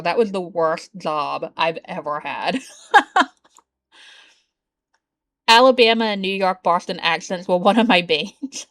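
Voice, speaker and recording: A woman from the States, chatting casually with her live-stream chat while gaming. She talks slowly and laughs often. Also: on the low side, fairly bright tone. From Southern United States.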